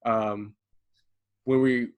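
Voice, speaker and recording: A man co-hosting a casual podcast from his garage, telling stories with animated delivery and acting out the voices of people he quotes. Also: medium pitch, drawn-out words, clean tone, highs cut off. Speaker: podcast co-host. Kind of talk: casual conversation. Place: home garage.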